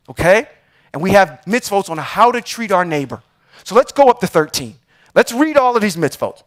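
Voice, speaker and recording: A man teaching Torah on a live stream, reading verses slowly and with emphasis, then explaining them with frequent "okay?" check-ins. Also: sits high, a bit bright. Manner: reads verses slowly and emphatically, then comments with rhetorical questions.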